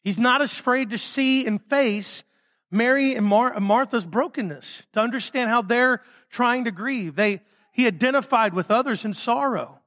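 A man preaching a sermon as pastor, with emphatic stresses that drop suddenly to a soft hush. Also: very high-pitched, moderate pace. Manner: emphatic, swings from loud stresses to soft drops. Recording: reverberant hall.

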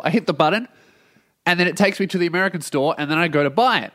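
A man's voice: fairly high pitch, quick pace, a bit bright. A male Australian comedian hosting his own podcast, ranting in a casual comic monologue with a blocked nose and plenty of swearing. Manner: ranting, exasperated, heavy swearing. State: blocked nose, sounds congested.

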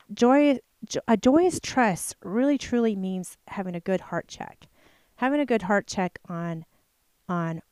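A woman's voice: medium pitch, darkish tone, no room sound, clean studio sound. A middle-aged woman recording a casual devotional talk in her home basement. She acts out both sides of her talks with God and laughs easily.

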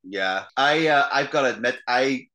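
Irish guy on a podcast, bright forceful voice, rambling funny stories. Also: medium pitch, expressive, normal speed. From Ireland. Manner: chatty anecdotal storyteller, swears freely. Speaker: actor guest. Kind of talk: casual podcast chat.

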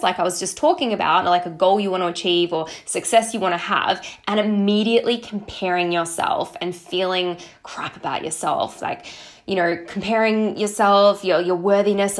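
An upbeat woman hosts a podcast, talking casually and motivationally about mindset. She chats freely, acting out her own past thoughts and checking in with listeners with a quick "okay?" or "right?". Her pitch sits mid-range for a woman. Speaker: podcast host, social marketing entrepreneur.

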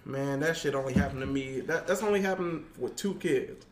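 A man who works in youth detention, a guest in a casual chat, tells a story in an animated way, acting out the quotes with big jumps in pitch. He talks fairly quickly, and the recording is reverberant with slight background noise.

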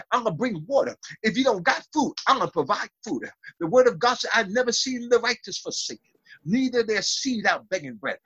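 A man's voice: sits high, fairly bright tone, breathy edge, no room sound, dull audio. A man preaching a fervent sermon over a video call, building to call-and-response. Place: small room.

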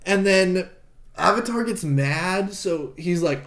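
A man co-hosting a casual podcast, retelling a film's plot in an animated way and acting out the characters' lines. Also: sits high, a little slow. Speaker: podcast co-host recapping a film. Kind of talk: casual chat. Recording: echoey room.

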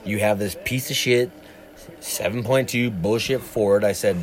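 A man's voice: on the low side, unhurried, a little hiss or hum. A man chatting casually on a livestream, telling long profane stories. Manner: profane, rambling storyteller. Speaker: livestream co-host. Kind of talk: casual chat.

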